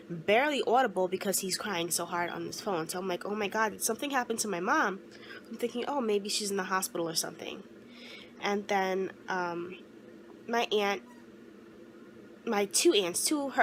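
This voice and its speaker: A young woman vlogger telling a personal story in an earnest, halting way, often restarting her sentences and close to tears. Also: medium pitch, slight background noise, poor audio.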